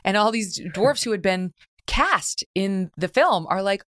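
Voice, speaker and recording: A woman hosting an interview, chatting casually and asking wry, quick follow-up questions. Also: mid-range voice, expressive, a bit bright, no room sound, studio quality. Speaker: host.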